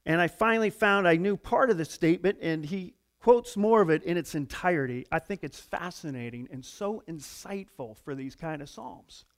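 A middle-aged man preaching a sermon in a conversational, animated way, going from hushed asides to loud outbursts. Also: fairly high pitch, normal speed, few pauses. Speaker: pastor.

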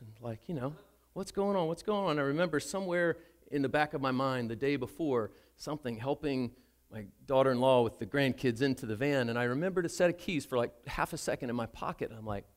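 An older man preaching a sermon as a pastor, telling a story about himself in a chatty, self-deprecating way. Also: fairly high pitch.

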